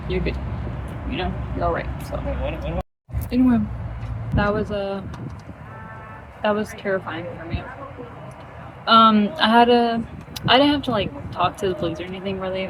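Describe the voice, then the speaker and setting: A chatty young woman rambles through a casual story time, her talk packed with fillers. Her voice sits at an ordinary middle pitch. Clear traffic noise from a street outside runs underneath.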